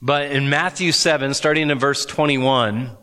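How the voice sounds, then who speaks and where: Pastor, male, slow deliberate sermon delivery, bright tone, long hall reverb. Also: mid-range voice, clean tone. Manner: earnest, emphatic preaching with dramatic pauses.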